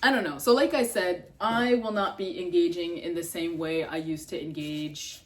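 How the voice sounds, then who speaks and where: A young adult woman vlogging in a casual, rambling way, full of fillers and swearing, jumping up in pitch when exasperated. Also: steady tone, moderate pace. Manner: filler-heavy, swears, trails off and restarts.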